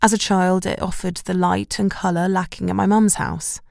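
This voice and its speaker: A woman's voice: fairly low pitch, level tone, normal speed, vocal fry, no echo, clean studio sound. A woman narrating a romance novel in the first person, in a wry, self-mocking storytelling manner. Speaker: audiobook narrator.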